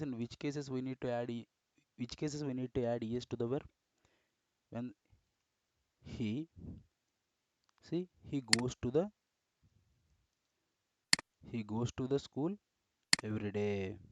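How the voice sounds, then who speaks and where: A man's voice: mid-range voice, slow pace, pauses often, lo-fi sound, very noisy. A man teaching English grammar in a screen-recorded lesson, repeating and correcting himself as he explains step by step.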